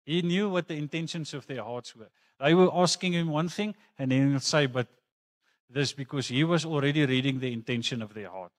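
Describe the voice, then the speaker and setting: A man's voice: a little high, a little fast. A man preaching a sermon in a church, talking earnestly and conversationally and mixing in personal stories. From South Africa. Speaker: pastor.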